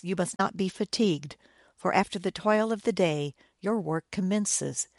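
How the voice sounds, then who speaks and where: Grave, low-voiced woman narrating a story. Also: dry recording, clean studio sound. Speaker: audiobook narrator. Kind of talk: scripted narration of a first-person war story.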